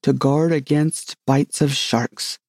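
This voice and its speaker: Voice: medium pitch, fairly even intonation, slow, darkish tone, dry recording, clean studio sound. A storybook reader voicing a grave, muddled old knight who rambles proudly about his own inventions. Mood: earnest. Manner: grave, rambling, self-satisfied.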